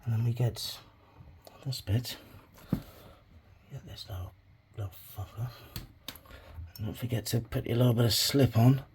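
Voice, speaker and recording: Throwing clay pots for a relaxed tutorial, this male hobby vlogger rambles, curses openly, and keeps muttering to himself. He talks at a medium pitch, a bit slowly, with long pauses, and the recording is very noisy.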